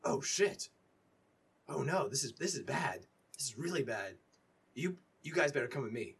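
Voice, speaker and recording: A man voicing a flustered male police captain in a tabletop game, who talks in a hurried, stammering and apologetic way. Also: mid-range voice, lively intonation, gravelly, fairly bright tone, breathy edge, heavily acted. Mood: alarmed.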